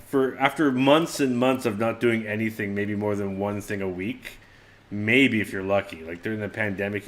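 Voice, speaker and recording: A man's voice: fairly low pitch, a little hiss or hum. A man co-hosting a casual drawing stream, rambling through stories with lots of fillers and laughter. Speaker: co-host.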